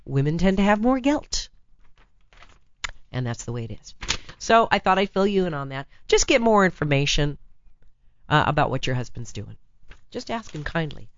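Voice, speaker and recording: A woman hosting a talk radio advice show, chatty, blunt and teasing, with a raspy, hoarse voice from laryngitis, talking into a studio microphone. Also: low-pitched, sing-song, moderate pace, pauses often, dull audio.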